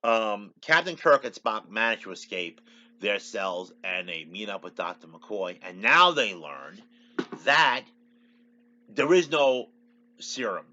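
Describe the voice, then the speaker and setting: A man's voice: on the low side, very animated, takes it slowly, bright, forceful tone, lo-fi sound. A man hosting his own show, retelling a TV episode in a rambling casual way and repeating "he goes" a lot. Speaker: show host.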